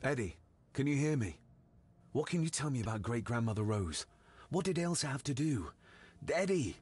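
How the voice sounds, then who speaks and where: An actor voicing a calm, dry-witted male investigator in a video game. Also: mid-range voice, moderate pace, slightly rough. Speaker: game protagonist.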